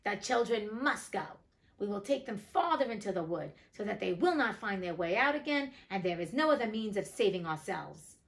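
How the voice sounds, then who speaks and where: A woman's voice: medium pitch, very animated, normal speed. Lady reading a cold scheming stepmom from a storybook, stern and scolding, pretty plain mid-height voice. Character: scheming cold-hearted stepmother, adult woman.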